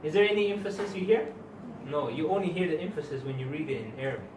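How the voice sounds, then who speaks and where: An Islamic teacher delivers a religious lesson to a class of students, speaking emphatically and quizzing them with questions as he goes. His voice is a little high and he talks fast. He's recorded from afar in an echoey room, with a noisy background.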